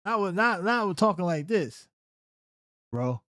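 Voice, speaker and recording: A man's voice: high-pitched, expressive, moderate pace, a bit bright, dry recording, studio quality. A young man hosting an unscripted reaction show, ranting in a heated, incredulous and profane way. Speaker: commentary show host.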